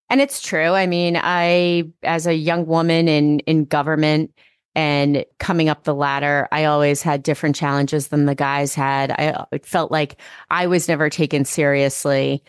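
Deep-voiced woman podcast host, dry sound. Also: measured pace, clean tone, no room sound. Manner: conversational, asks questions and tells her own stories. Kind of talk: casual interview. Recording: dry close mic.

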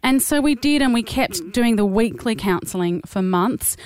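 A woman's voice: on the high side, lively intonation, moderate pace, a crowd in the background. A woman co-hosting a podcast, speaking candidly and conversationally as she recounts what others said. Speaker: podcast co-host. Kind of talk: casual chat.

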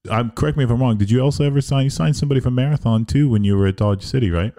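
A man's voice: mid-range voice, racing, warm tone. A man hosting a casual interview podcast, easygoing, setting up questions at length. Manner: easygoing, leading questions with long setups. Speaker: podcast host, football coach.

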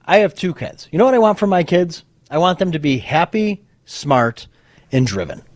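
A man's voice: fairly high pitch, very animated, moderate pace, no room sound. A man co-hosting a political talk show, speaking in a sarcastic, joking way. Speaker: podcast co-host. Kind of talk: casual political commentary.

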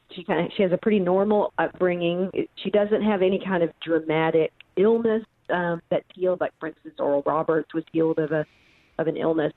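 A woman guest speaks over a thin, tinny phone connection, her voice a touch low. She tells stories patiently, pausing with ums as she recalls details. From central Missouri. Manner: thoughtful storyteller with frequent ums. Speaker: author and guest. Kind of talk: phone interview.

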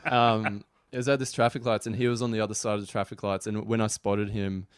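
A young Australian man telling a story in animated, sweary casual podcast chat. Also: lowish voice, fast talker, clear, resonant tone, no room sound, clean studio sound.

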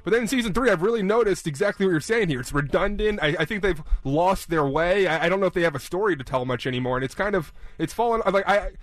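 A man co-hosts a casual chat, talking fast and eagerly, often repeating his opening words. His voice sits a little high, and the sound is dry and close. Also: expressive, no room sound.

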